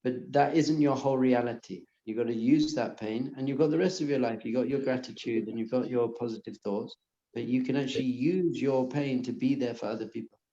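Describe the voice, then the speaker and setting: Earnest rabbi in an echoey room. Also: male voice, medium pitch, brisk, muffled recording. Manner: earnest, repeats soothing phrases softly. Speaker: rabbi giving a class. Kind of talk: lecture to a live audience.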